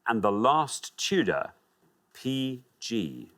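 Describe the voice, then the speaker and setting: A man hosting a TV quiz show, reading clues crisply and announcing scores. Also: medium pitch, extremely slow. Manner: lively, reads clues crisply. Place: TV studio.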